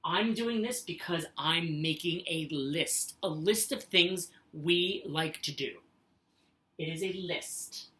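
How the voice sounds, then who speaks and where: A woman's voice: on the low side, slow pace, sharp tone. A woman teacher giving a recorded lesson, patient and sing-song, reading example sentences aloud with exaggerated expression. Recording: echoey room.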